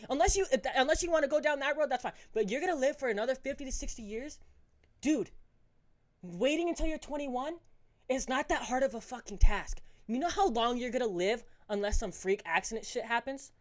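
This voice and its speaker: A man's voice: extremely high pitch, animated, fairly quick, fairly bright tone. A teenage boy hosts a solo podcast rant. He talks in a heated, scolding way and swears constantly as he lectures the listener. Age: teens. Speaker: podcast host.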